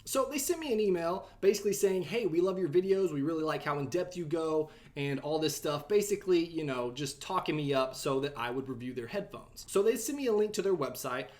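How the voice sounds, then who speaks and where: A young man hosting a tech review vlog, telling a story time review quickly and quoting himself in a raised voice. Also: a little high. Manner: animated, talks fast, quotes himself in a raised voice.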